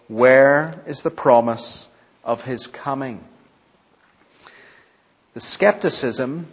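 A male preacher gives an expository sermon at a slow, deliberate pace, stressing and repeating key phrases and often questioning the congregation. His mid-range voice has a breathy edge, and the dull recording carries the long reverb of a large church.

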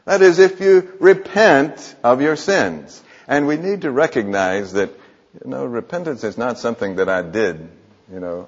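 A man's voice: medium pitch, sing-song, measured pace, husky. A man preaching an earnest sermon in a church, asking the room rhetorical questions. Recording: muffled echoing church hall.

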